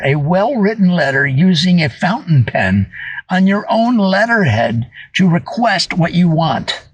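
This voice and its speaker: A man with a fairly high voice gives a deadpan comic monologue, earnest and mock-serious, with small fillers as he talks to the viewers. The sound is close and dry, with no room around it. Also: no room sound, rough recording. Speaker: comedian doing a mock review video.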